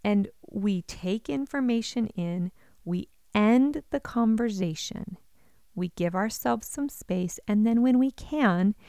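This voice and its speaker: A woman's voice: medium pitch, animated, takes it slowly, dark tone, dry recording, clean studio sound. Earnest woman giving parenting advice. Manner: earnest, encouraging, speaks straight to the listener. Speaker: parenting educator.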